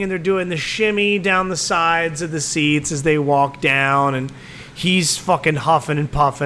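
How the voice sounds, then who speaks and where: A man's voice: a little high, bright, forceful tone, a little hiss or hum. A man co-hosting a podcast, telling crude stories with lots of swearing and laughter. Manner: profane, laughing storyteller. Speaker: podcast co-host. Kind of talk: crude casual chat.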